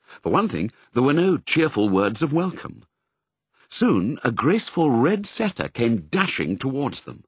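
A man narrating a children's storybook, expressive and varied. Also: medium pitch, a little slow, husky, dry recording. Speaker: audiobook narrator.

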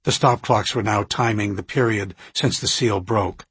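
A man with a husky voice reading a novel aloud in an even, steady narration. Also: fairly low pitch, moderate pace, no room sound. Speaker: audiobook narrator. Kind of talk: scripted narration.

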